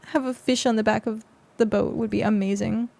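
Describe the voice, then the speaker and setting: A young adult woman streamer chats casually with viewers on a close mic, rambling with lots of fillers. Her voice is fairly high, steady, and darkish, with vocal fry and a brisk delivery.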